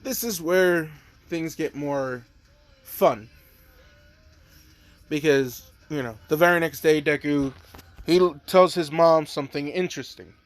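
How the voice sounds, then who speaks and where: A man's voice: fairly high pitch, a little slow, pauses often, faint music behind. Rambling casual male fan storyteller. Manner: rambling, heavy on fillers.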